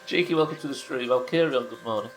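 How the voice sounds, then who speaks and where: With soft music playing behind him, a British man streams a driving game, trading dry jokes and casual banter with his chat. His mid-range voice moves at a quick pace.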